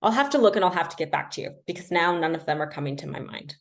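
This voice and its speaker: A woman's voice: on the low side, lively intonation, rapid-fire, vocal fry. A young adult woman casually teaching language learning on a livestream, chatty and self-deprecating, with lots of fillers.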